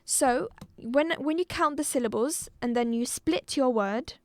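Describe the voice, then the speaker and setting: A woman teaching a live online exam-prep lesson, patient, repeating words slowly and clearly. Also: high voice, no echo. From Algeria.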